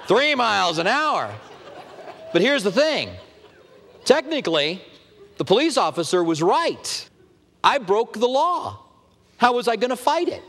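A man's voice: very high-pitched, in a large hall. A man preaching a sermon as pastor, telling stories animatedly and acting out the dialogue. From Tucson, Arizona. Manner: animated storytelling, acts out dialogue.

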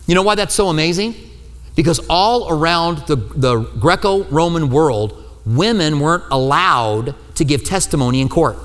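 A man preaching from the pulpit in a fairly high voice, his words trailing off into a long hall reverb. He tells the story in a lively way and acts out the people he quotes with a light humor. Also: normal speed. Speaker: pastor. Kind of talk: sermon.

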